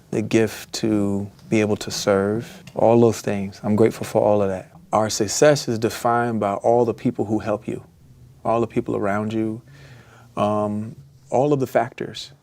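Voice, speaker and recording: A man's voice: lowish voice, little pitch movement, moderate pace, darkish tone. A man in his forties talking reflectively in an interview, grateful, with many fillers.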